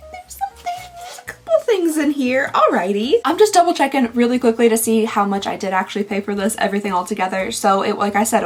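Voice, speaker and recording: Chatty young woman, slightly high voice. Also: slight background noise. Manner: chatty, thinks aloud with frequent giggles. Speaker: beauty vlogger. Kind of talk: casual unboxing chat.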